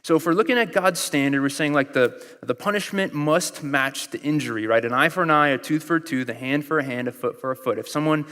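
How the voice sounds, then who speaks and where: Conversational pastor in a reverberant hall. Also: male voice, on the high side, a little fast, few pauses, a bit bright. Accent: American. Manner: conversational preaching with storytelling and acted-out quotes. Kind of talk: sermon.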